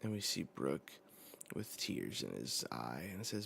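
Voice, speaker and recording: A man hosting a live manga reaction, reading the panels and dialogue aloud with slow, dramatic emphasis. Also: low voice, sing-song, creaky, a bit bright, a little hiss or hum.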